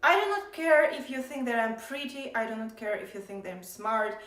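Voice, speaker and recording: Woman streamer, blunt and irritated, slightly high voice, roomy echo. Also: animated, a little fast, fairly bright tone. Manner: blunt, irritated, lecturing chat. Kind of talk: casual live stream chat.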